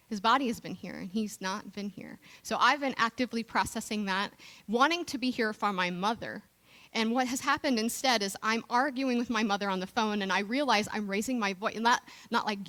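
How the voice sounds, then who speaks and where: A woman's voice: medium pitch, a bit bright, poor audio. A middle-aged woman minister giving a conversational sermon, telling a candid personal story with frequent restarts. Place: church sanctuary.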